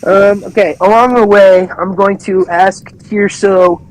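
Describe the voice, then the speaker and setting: A man at a tabletop game, asking questions in character with measured, formal phrasing. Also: high voice, fairly even intonation, low-quality recording. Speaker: player.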